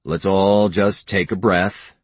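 Calm lawman father, read by the narrator, low, husky, slow. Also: no echo, heavily acted. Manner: calm, soothing. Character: calm middle-aged game warden, father.

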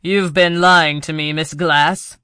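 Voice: medium pitch, moderate pace, bright, forceful tone, no echo, studio quality, lightly acted. A narrator voicing a cruel, short-tempered man who carries a cane, speaking harshly and with demands. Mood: furious. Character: cruel angry male boss with cane.

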